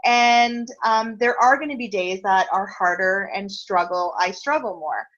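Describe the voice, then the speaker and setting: A woman's voice: medium pitch, measured pace, a bit bright, lo-fi sound. A woman hosting a casual interview over a video call, earnest and grateful, talking openly and getting emotional. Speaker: interview host.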